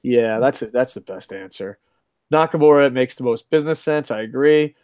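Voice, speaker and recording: A man's voice: mid-range voice, moderate pace, darkish tone, no room sound, clean studio sound. A middle-aged man hosting a casual live-stream chat, reading viewer comments aloud, swearing freely and laughing often. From lives in Japan. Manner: profane, joking, laughs often. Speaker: podcast host reading chat.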